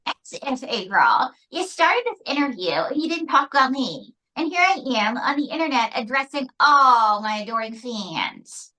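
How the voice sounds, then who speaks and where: A woman's voice: high-pitched, big pitch swings, moderate pace, few pauses, pushed and bright, pitched above the performer's own voice, heavily acted, poor audio. A woman doing a ventriloquist act as a brash, self-important female sock puppet with a Pittsburgh accent. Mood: indignant. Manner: sassy, self-important, flirty.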